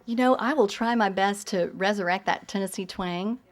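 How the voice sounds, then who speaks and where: A woman novelist with a softened Southern accent, answering questions thoughtfully with gentle pauses, then giving an unhurried, lyrical reading of her fiction. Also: mid-range voice. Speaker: visiting novelist. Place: university lecture hall.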